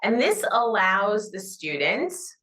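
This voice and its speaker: A middle-aged woman, an educator at a summit, gives a conference talk that demonstrates classroom reading cues in a raised, teacherly voice. She takes it slowly with a sing-song, slightly bright mid-range voice, though the recording is rough.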